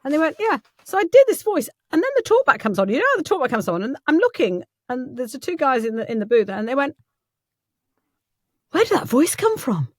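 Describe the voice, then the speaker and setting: A woman from the West Midlands with a West Midlands English accent, hosting a casual chat and telling animated stories. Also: high voice, fast talker, few pauses, no echo, studio quality. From Black Country, West Midlands of England. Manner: animated anecdotal storytelling with quoted voices. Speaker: host.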